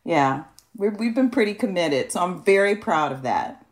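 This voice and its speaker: A woman's voice: lowish voice, expressive, normal speed. A middle-aged woman hosting a casual chat. She speaks earnestly and laughs often while telling stories. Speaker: podcast host.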